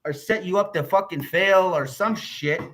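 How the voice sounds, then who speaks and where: An American man vents on his vlog in a heated, rambling rant, swearing at every turn. His voice sits high for a man, with a bright, forceful edge. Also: normal speed. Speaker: YouTuber.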